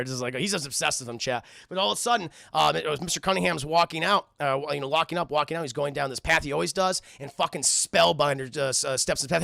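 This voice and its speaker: A man's voice: on the high side, fast talker, creaky, no echo, clean studio sound. A man reviewing a cartoon episode for a live chat, talking casually and animatedly with lots of swearing. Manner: animated, profane, keeps addressing chat. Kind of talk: casual spoken recap.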